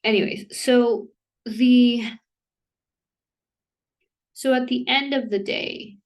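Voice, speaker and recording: A woman talking casually to camera in a rambling, self-interrupting way, filling her speech with "like" and quick apologies, with laughs between thoughts. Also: on the high side, steady tone. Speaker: vlogger. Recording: voice somewhat distant from the mic.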